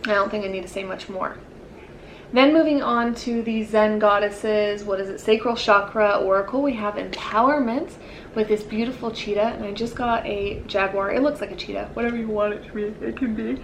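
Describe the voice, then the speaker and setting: A woman's voice: medium pitch, a little fast, slight background noise, low-quality recording. A woman giving a casual pick-a-card tarot reading, rambling and searching for words with lots of fillers, yawning now and then. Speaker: tarot reader.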